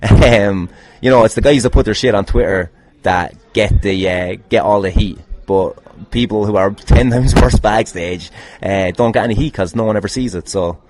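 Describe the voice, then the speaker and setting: A somewhat low-voiced man talks through listener questions in a loose podcast monologue. He swears freely, mocks himself and breaks into laughing asides. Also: moderate pace, hardly any pauses, darkish tone, slight background noise. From Ireland.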